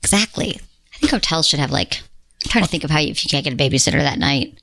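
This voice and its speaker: A woman's voice: deep voice, lively intonation, fast, gravelly, pushed and bright. A middle-aged woman hosting a podcast, giving frank and upbeat advice in casual chat. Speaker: podcast host.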